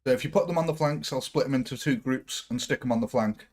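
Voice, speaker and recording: A man's voice: mid-range voice, quick pace, darkish tone. A British man giving live gameplay commentary, chatting with his viewers in a jokey, self-mocking way. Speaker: streamer.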